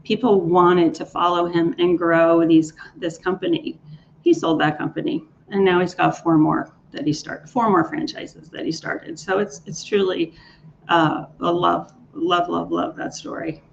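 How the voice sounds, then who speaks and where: A woman's voice: on the low side, fairly even intonation, unhurried, creaky. A woman who works as a leadership coach, telling client and marathon stories in an interview with enthusiasm, often restarting her words. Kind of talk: speaker interview storytelling. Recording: dull lo-fi sound with faint noise.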